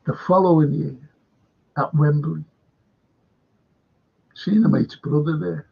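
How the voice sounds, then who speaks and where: A man's voice: fairly high pitch, steady tone, takes it slowly, vocal fry, slightly rough. An older man with a Liverpool accent, chatting casually as a show host and rambling through sweary anecdotes. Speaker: podcast host. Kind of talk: casual chat. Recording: dull lo-fi recording.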